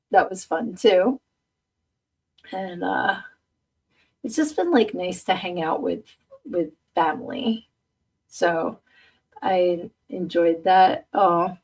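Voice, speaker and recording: A middle-aged woman hosting a podcast chats casually and rambles, often laughing at herself as she reads viewer comments aloud. Her voice is lowish and slightly rough, and she sounds far from the mic.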